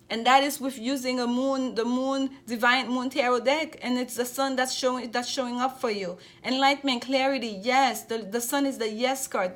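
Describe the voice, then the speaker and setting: Bright-voiced woman reading tarot. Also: on the high side. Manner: effusive, repeats phrases, frequent "okay?". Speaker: tarot reader.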